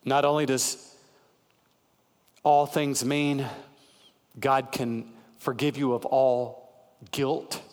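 A man preaching a sermon, slow and emphatic, repeating key phrases. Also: medium pitch, little pitch movement. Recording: long hall reverb.

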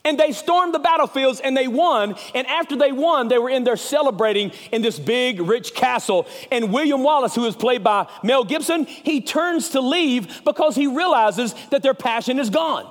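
A man preaching a sermon as an evangelist, with a Southern US accent, telling stories with passion and swinging from loud to hushed. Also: very high voice, animated, moderate pace, hardly any pauses, long reverb tail.

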